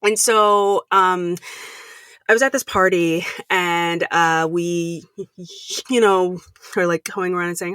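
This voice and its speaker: A woman's voice: lowish voice, steady tone, unhurried, a bit bright, clean tone, dry recording. Woman who stutters, dry close sound. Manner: stutters on sounds, repeating them. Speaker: podcast guest, empathy consultant. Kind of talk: casual conversation.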